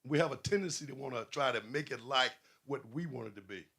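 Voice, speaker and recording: Gravelly-voiced man preaching. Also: mid-range voice, quick pace, hardly any pauses, fairly bright tone. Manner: preaching with rhetorical questions and rising emphasis. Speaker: pastor. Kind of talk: sermon.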